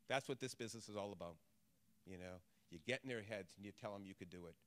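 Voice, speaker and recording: A man giving a motivational talk as a trainer, telling stories in an animated way and acting out voices. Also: lowish voice, fast, clean tone. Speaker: trainer and speaker.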